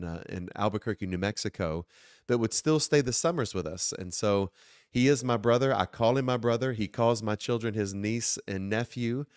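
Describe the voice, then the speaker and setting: A man, a bishop, hosting his talk show in an earnest, quick way with many filler words and restarts. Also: lowish voice, clean tone, no room sound, clean studio sound. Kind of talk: sermon-like talk show monologue.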